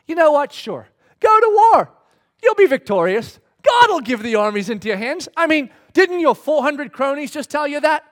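Rich: A mocking, exasperated old-time prophet , as a preacher puts him on in a sermon, pitched high and loud. He fires off sarcastic lines with heavy emphasis. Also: expressive, brisk.

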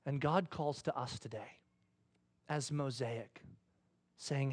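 A male pastor preaching a sermon that starts as a comic story, acting out the voices in it and then dropping to a hushed, intense delivery. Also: medium pitch, slow, pauses often. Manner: animated, acts out voices, drops to hushed intensity.

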